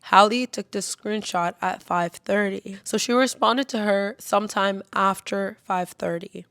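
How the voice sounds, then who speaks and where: A woman's voice: mid-range voice, steady tone, a little slow, a bit bright, clean tone, dry recording. A woman with a sick voice recording a voice-over, pointedly laying out a timeline. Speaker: vlogger. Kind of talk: voice-over added in editing.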